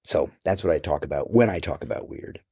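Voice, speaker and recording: A man's voice: low-pitched, brisk, darkish tone, husky. A middle-aged man answering interview questions about his life and work, candid, blunt and profane.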